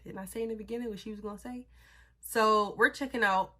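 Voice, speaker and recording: A woman's voice: mid-range voice, fairly even intonation, fast, pushed and bright. A young adult woman telling a story in a casual, blunt and profane way, sounding exasperated as she recounts it.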